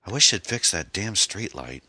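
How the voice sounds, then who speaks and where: A man's voice: low-pitched, very animated, normal speed, sharp tone, husky, voice pushed up, full character voice. A man voicing a weary, grieving single mother as he reads a mystery novel aloud. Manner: weary, strained.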